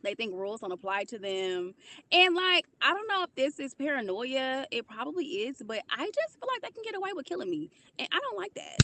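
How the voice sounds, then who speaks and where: A woman's voice: sits high, sing-song, brisk, bright, forceful tone. A woman hosting and giving direct, opinionated answers to viewers. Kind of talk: casual talk to viewers.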